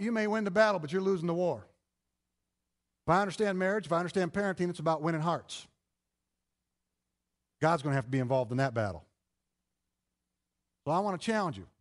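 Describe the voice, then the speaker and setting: A middle-aged male pastor giving an animated, conversational sermon full of rhetorical questions. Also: high voice.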